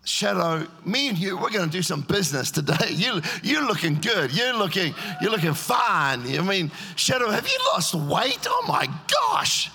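A man playing a giddy male apostle who flatters his own shadow in a boastful, playful way. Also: high-pitched, normal speed, vocal fry, few pauses, husky, full character voice. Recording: echoey hall.

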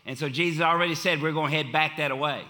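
A man preaching a sermon in a church, emphatic and given to repeating key phrases, swinging from loud declarations to hushed, quiet lines. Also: a little high, steady tone, fast talker. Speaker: pastor. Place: church sanctuary.

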